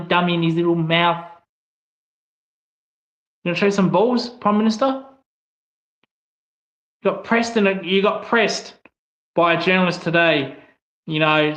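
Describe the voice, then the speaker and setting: A man's voice: a little high, fairly bright tone. A man with an Australian accent giving a blunt, angry opinion monologue, swearing often as he talks. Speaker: online commentator. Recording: echoey, slightly dull room sound.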